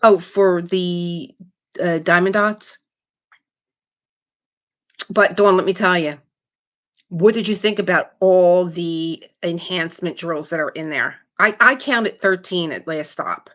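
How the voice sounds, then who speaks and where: A middle-aged woman with a slightly low-pitched voice hosts a casual live craft stream. She talks in an animated way, reads viewer comments aloud and laughs often. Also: takes it slowly, pauses often.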